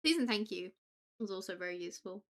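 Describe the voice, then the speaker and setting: A woman's voice: medium pitch, expressive, quick pace. A woman livestreamer chatting casually with viewers in a playful, giggly way. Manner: playful, giggly, drifts into Japanese phrases.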